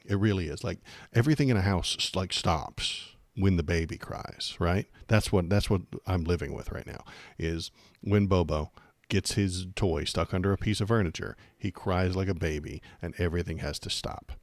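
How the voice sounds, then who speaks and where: Deep-voiced guy rambling on his political stream, cracking jokes, super dry close sound. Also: darkish tone, no room sound. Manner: rambling, joking, lots of fillers. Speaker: political livestream host. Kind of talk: casual livestream chat.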